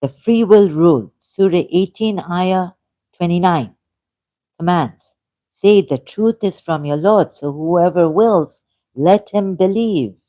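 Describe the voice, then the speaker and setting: A woman with a low, mellow voice reads a text aloud on her own channel and comments on it. She takes it slowly and deliberately and stops now and then for apologetic asides. The sound is close and dry, from a dim room. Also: no room sound. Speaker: channel host. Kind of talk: reading aloud and commenting, casual vlog.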